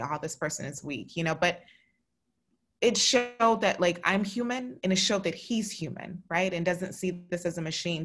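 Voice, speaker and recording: A woman's voice: fairly low pitch, a bit bright. A woman speaking on a virtual panel, telling a candid, heartfelt story over a video call.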